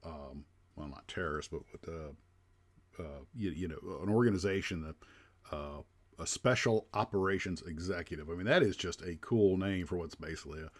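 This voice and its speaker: Deep-voiced man rambling on a livestream. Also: normal speed. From United States. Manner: rambling, frequent fillers and restarts. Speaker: livestream host. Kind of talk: casual livestream chat.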